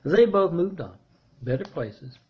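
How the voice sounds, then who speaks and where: A man telling a meandering story in a halting monologue, restarting his phrases often. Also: fairly high pitch, lively intonation, breathy edge, muffled recording. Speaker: self-made video preacher.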